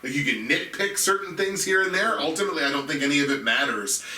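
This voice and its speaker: Enthusiastic man, bright echoey voice. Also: fairly high pitch, quick pace. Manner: enthusiastic, laughs while talking. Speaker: movie podcast co-host. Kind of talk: casual film review chat. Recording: echoey room, mic at a distance.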